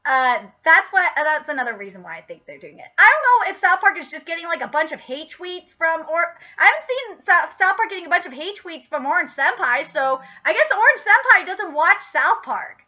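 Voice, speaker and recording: A woman in her late twenties giving a casual, profane, excitable TV episode review and laughing often. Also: extremely high pitch, fairly quick, few pauses. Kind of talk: casual video review commentary. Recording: slightly muffled lo-fi recording.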